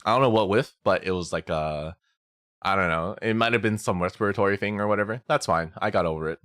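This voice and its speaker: A man's voice: low voice, quick pace, a bit bright, no room sound, clean studio sound. A young man chatting casually on a stream, telling a story with swearing, laughter and many restarts. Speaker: VTuber streamer.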